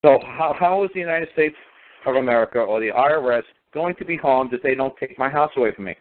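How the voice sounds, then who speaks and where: A man's voice: medium pitch, fast. A man speaking on a talk show, hammering his points with repeated rhetorical questions. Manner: emphatic, repetitive rhetorical questions. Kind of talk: phone talk show discussion. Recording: phone line.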